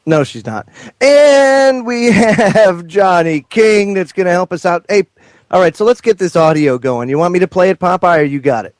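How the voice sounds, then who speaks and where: A male radio show host giving loud, joking, mocking live commentary into a studio mic. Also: high-pitched, lively intonation, moderate pace, no room sound.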